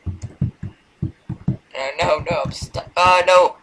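A man narrating a video game in a slow, unhurried drawl, rambling and hesitant, with a mumbled whisper slipping in now and then. His desk mic picks up steady hiss and mouse clicks. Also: medium pitch, low-quality recording. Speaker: gameplay commentator. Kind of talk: casual let's-play commentary.

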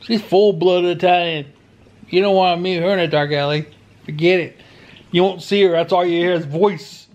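A man's voice: high voice, fairly even intonation, moderate pace, highs cut off. A man chatting bluntly at home for his vlog, rambling and cussing, sometimes raising his voice. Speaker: vlogger. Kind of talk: casual home vlog chat.

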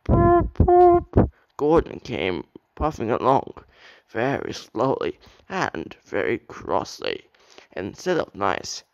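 A man's voice: on the low side, creaky, no echo, dull audio. A young man reading a children's railway story aloud as an amateur narrator, with occasional slips.

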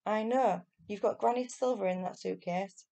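A woman's voice: mid-range voice, moderate pace, creaky, warm tone, lightly acted. A woman reading aloud and voicing a brave young boy who speaks urgently and pleads. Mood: accusing.

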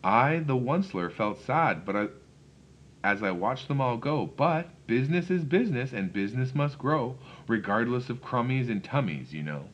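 Lively, expressive storybook reader, man. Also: medium pitch, normal speed, highs cut off, a little hiss or hum. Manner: expressive, rhythmic first-person reading. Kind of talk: read-aloud rhyming storybook narration.

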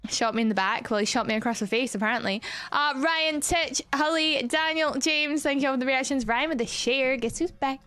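A woman's voice: high-pitched, brisk, hardly any pauses, a bit bright, no room sound, soft background music. A woman in her twenties chatting casually on a livestream, greeting viewers one after another and laughing often. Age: 20s.

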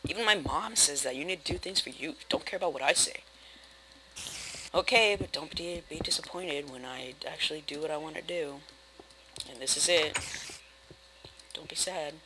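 A young man rambling through casual, self-mocking commentary while playing a building game, with sudden loud outbursts. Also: fairly high pitch, moderate pace, long pauses, noisy background. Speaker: gaming video host. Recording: game music playing behind. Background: game music.

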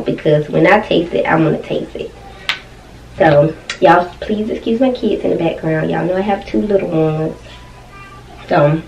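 Young woman, low voice, unhurried food-review chatter; roomy home sound, faint background noise. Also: darkish tone, recorded from a distance. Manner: chatty, eating on mic with frequent "mm"s. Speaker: mukbang vlogger. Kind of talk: casual food review while eating. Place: at home with her kids nearby. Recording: roomy, off-mic home recording.

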